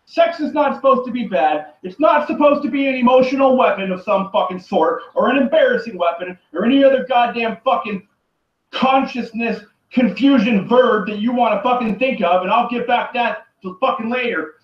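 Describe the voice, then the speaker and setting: A man on his own, in an angry and rambling rant full of swearing that keeps circling back and sometimes breaks into shouting. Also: very high-pitched, normal speed. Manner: profane, rambling and repetitive, often shouting. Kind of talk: angry solo rant to camera. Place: room by a running turtle tank. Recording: echoey, distant, dull lo-fi. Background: running water.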